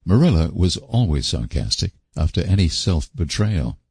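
Gravelly, husky male audiobook narrator. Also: low voice, no room sound. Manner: measured, expressive reading.

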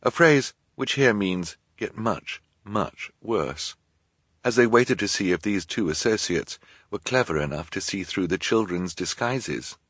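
A man narrating an audiobook in a dry, measured storytelling manner. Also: on the low side, lively intonation, fairly bright tone, husky, no room sound.

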